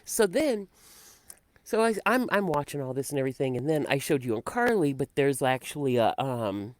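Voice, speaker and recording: Female co-host, rambling, halting delivery, lowish voice, dry close mic. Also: very animated, darkish tone, no room sound. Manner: rambling, halting, with many restarts and laughs. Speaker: podcast co-host. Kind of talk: casual chat.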